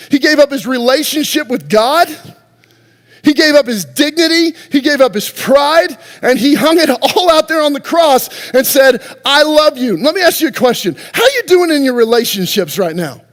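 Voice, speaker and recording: High-voiced male pastor, echoing church. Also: expressive, moderate pace, fairly bright tone. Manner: conversational, lots of rhetorical questions to the congregation. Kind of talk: sermon. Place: church sanctuary.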